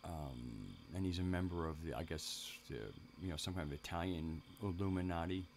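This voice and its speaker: A man's voice: low voice, moderate pace, darkish tone, a little hiss or hum. A man hosting a live stream, talking casually in a rambling way, with many restarts and asides to his viewers in the chat.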